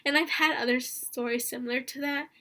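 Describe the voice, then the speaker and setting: Earnest young woman vlogger, slightly high. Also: steady tone, fairly quick, pushed and bright. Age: young adult. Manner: rambling, earnest, heavy use of fillers like "like" and "honestly"; emotional, close to tears. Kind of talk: casual storytelling vlog.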